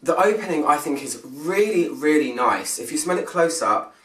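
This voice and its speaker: A man's voice: on the high side, lively intonation, normal speed, a bit bright, distant mic. A British man reviewing a fragrance in a casual, self-mocking chat, full of fillers and restarts. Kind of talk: casual talk to camera. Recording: roomy sound, mic set some way off.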